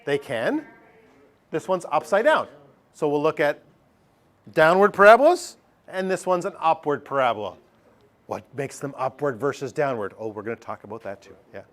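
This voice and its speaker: A man's voice: fairly high pitch, expressive, normal speed. A middle-aged man teaching a math lesson over a screen recording, chatty, thinking aloud and putting questions to himself.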